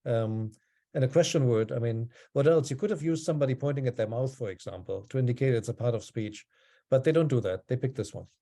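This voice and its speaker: A man leads an online class over a video call, explaining things calmly and stopping often for ums. His voice is mellow and dark, at a middle pitch. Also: quick pace. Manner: relaxed, explanatory, with frequent ums. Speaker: teacher.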